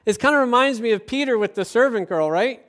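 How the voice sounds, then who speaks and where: High-voiced man preaching a lively sermon. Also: a little fast. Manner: lively, acts out quoted voices, rising to emphatic preaching. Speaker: pastor.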